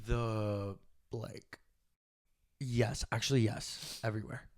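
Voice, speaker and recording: A young woman from Texas co-hosting a podcast, talking in an animated, playful way, laughing often and sometimes loud. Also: rumbling low, takes it slowly, dry recording, clean studio sound. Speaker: podcast co-host. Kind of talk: casual chat.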